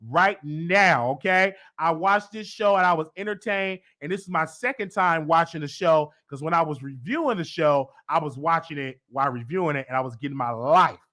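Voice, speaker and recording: A man hosting his own show, casually recapping and reviewing a TV episode in a slangy, animated way with loud bursts. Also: on the high side, normal speed, hardly any pauses.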